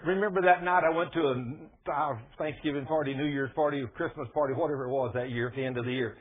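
A man preaching in a folksy, colloquial style and spinning lively personal stories. His voice sits high for a man. The sound is thin and tinny, like a radio broadcast heard over a phone line. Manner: folksy, colloquial, animated storytelling. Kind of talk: folksy sermon with storytelling.

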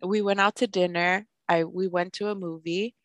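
A young woman podcast host telling a personal story in a casual, animated way, with lots of "like". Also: on the low side, normal speed, no echo. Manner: animated, fills speech with "like", acts out quoted voices.

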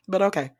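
A woman's voice: a little mellow, no echo. A woman co-hosting a podcast, chatting casually about a movie, laughing often and swearing freely.

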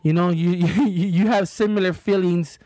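A man from Southern California with a high voice tells a story in slangy, profane talk full of fillers. The sound is dry and close. It is a casual podcast chat between co-hosts. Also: fairly even intonation, moderate pace, mellow, no echo. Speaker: podcast co-host.

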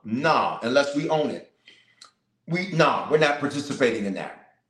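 A man's voice: fairly high pitch, expressive, moderate pace, reverberant, rough recording. A middle-aged man, a bishop, leading a live-streamed prayer and sermon, making declarations and calling on his listeners in a loose, colloquial way.

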